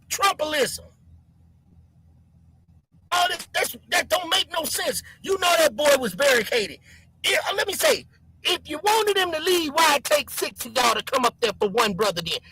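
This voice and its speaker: A live stream host giving heated commentary, answering chat and mocking commenters by name while shouting. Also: very high-pitched, low-quality recording.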